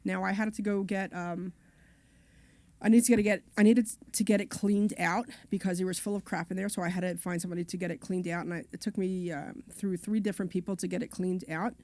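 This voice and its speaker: A woman's voice: on the low side, steady tone, brisk, darkish tone, dry recording. A woman co-hosting a radio talk show, telling long, chatty stories about her property deals. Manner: chatty, long-winded storytelling. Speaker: co-host.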